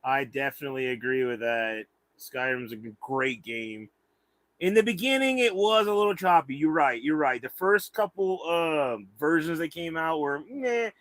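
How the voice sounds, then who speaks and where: A man's voice: fairly high pitch, lively intonation, normal speed, fairly bright tone, no room sound. A man hosting a livestream in casual chat, rambling and swearing freely. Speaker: livestream host.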